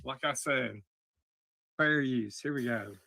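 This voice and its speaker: A man's voice: mid-range voice, slow pace, gravelly, bright, forceful tone, dry recording. A man hosting a livestream, talking bluntly and heatedly with plenty of swearing. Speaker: livestream host. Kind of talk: casual livestream commentary.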